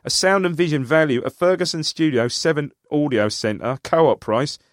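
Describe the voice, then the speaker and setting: A man co-hosting a podcast, chatting casually and excitably, often calling his partner "mate". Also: on the high side, moderate pace, no echo, clean studio sound. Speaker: podcast co-host. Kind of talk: casual chat.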